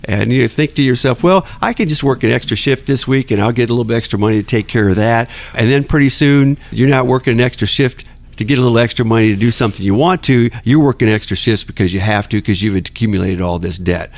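A man, a nurse anesthetist, chatting as a podcast guest in a relaxed, folksy way and giving advice. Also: mid-range voice, fast. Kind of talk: casual interview chat.

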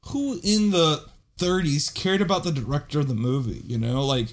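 A man co-hosting a casual film podcast, animated and laughing often with quick asides. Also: fairly high pitch. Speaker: podcast co-host. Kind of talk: casual chat.

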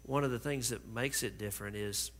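A man hosting a church interview as pastor, earnest and gently affirming. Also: mid-range voice, a little fast, big-room sound.

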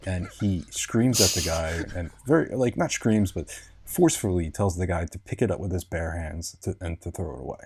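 Deep-voiced dude chilling on a podcast, wry storytelling, lively pitch. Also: male voice, moderate pace, slightly rough. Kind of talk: casual chat.

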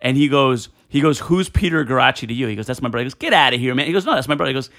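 A man's voice: medium pitch, expressive, rapid-fire, a bit bright. Man, middle-aged, from new jersey, casual podcast storyteller, acts out quotes. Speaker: podcast guest.

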